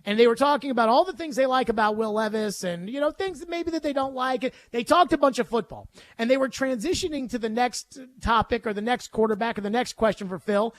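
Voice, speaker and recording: A man's voice: very high voice, fairly bright tone, no echo. Male sports talk host, jokey rant, dry close studio sound. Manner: emphatic, ranting, jokey.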